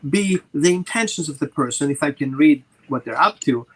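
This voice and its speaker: A man's voice: a little high, expressive, normal speed, fairly bright tone, breathy edge, poor audio. A man, a dog trainer, explaining over a video call and acting out little scenes between dogs and people. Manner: voices the dog and people in quoted asides. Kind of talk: animated explaining with acted examples.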